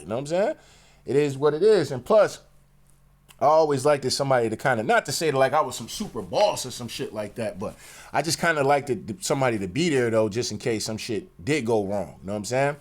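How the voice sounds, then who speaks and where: A man's voice: mid-range voice, animated, fast. A man telling a personal story in a slang-heavy, profane rant, peppered with "you know what I'm saying". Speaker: commentary channel host.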